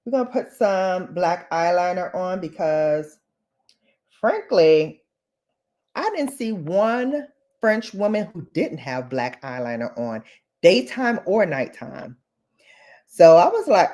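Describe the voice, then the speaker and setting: A woman from the Bronx with a New York accent chats at a relaxed, unhurried pace while she does her makeup. Her voice sits low for a woman, but she often leaps up into high, animated bursts. She talks playfully and directly to her viewers. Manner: chatty, playful, addresses viewers as babes; animated with sudden high pitch jumps. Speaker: beauty vlogger. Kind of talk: casual chat while doing makeup.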